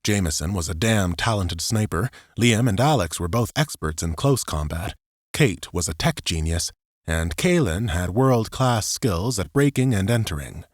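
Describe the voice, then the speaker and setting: A man reading a science fiction audiobook as narrator, in a steady storytelling manner. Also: low voice, normal speed, no room sound, studio quality.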